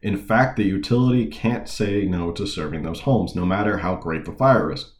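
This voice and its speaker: A man's voice: low voice, moderate pace, roomy sound. A man hosting a political talk show, reading news articles aloud and commenting in an informal, digressive way with sarcastic asides.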